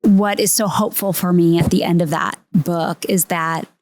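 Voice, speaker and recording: A woman's voice: fairly low pitch, fairly even intonation, moderate pace, darkish tone, no room sound. A woman hosting a podcast, talking reflectively about faith and reading out listener questions. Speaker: podcast host. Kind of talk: casual faith conversation.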